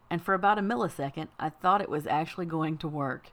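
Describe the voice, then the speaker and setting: A woman's voice: low voice, a little fast, hardly any pauses. A woman reading a first-person fantasy audiobook with a dry, wry delivery. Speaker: audiobook narrator.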